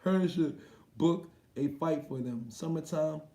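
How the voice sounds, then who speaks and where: A man's voice: a little high, a little slow, warm tone, reverberant. A man hosting a boxing livestream, reading viewer comments aloud and reacting in loose, slangy, profane casual chat.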